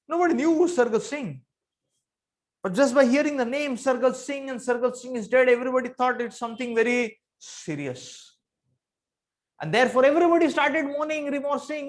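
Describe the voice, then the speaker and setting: A man with a notably high voice delivers a spiritual discourse, moving between teaching and storytelling. He is earnest and repeats phrases to drive points home. His pitch and loudness rise and fall dramatically. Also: brisk.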